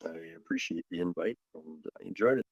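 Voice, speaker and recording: Deep-voiced middle-aged man telling blunt stories. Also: brisk, gravelly, breathy edge, dry recording, dull audio. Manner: animated storyteller, blunt and joking. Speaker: martial arts instructor, guest. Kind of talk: casual interview chat.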